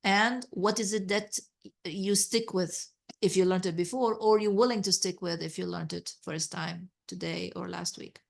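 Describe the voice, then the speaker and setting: A woman's voice: lowish voice, fairly even intonation, moderate pace, creaky. A woman teaching a reflection class on scripture, explaining patiently and often restarting her sentences. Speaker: Quran study teacher.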